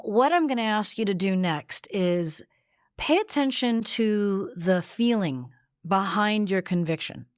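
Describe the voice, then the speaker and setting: A woman voice coach teaching a podcast lesson in a gentle, reflective way. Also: on the low side, no echo, clean studio sound.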